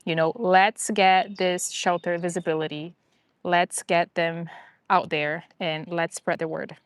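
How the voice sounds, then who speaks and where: A woman's voice: fairly low pitch, steady tone, measured pace, clean tone, no echo. A woman chatting casually on a live stream about rescue dogs, rambling and upbeat with lots of fillers.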